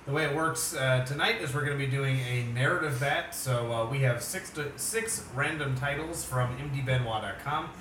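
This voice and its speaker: Host: relaxed, upbeat man introducing the show, ordinary pitch, echoey and off-mic. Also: normal speed, hardly any pauses, slight background noise. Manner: casual, upbeat, loose with fillers. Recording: roomy, from a distance.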